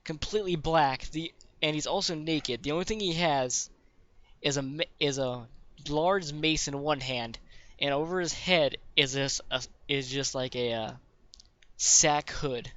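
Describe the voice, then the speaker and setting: A man's voice: on the high side, unhurried, a bit bright, no room sound. A man narrating a tabletop game as game master, rambling and swearing with lots of fillers. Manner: rambling, profane, many fillers. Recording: dull dry lo-fi recording.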